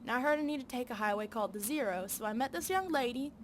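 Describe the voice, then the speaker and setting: A woman's voice: a little high, animated, quick pace, slight background noise, lightly acted. A woman voicing a weary older male truck driver with a Southern drawl, reading game dialogue aloud.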